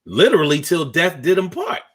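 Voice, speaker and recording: A man hosting a casual, profane storytelling monologue in loose conversational talk, with pauses as he searches for words. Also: on the high side, big pitch swings, husky.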